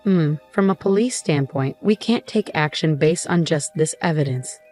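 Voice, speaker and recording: Woman reading a chill cop buddy, low steady voice, kinda reassuring, faint music behind. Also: moderate pace. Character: calm male police officer friend.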